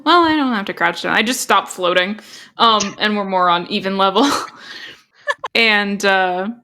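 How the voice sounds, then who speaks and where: Woman player, slow and halting, bright voice. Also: mid-range voice. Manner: halting, thoughtful. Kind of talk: casual tabletop chat.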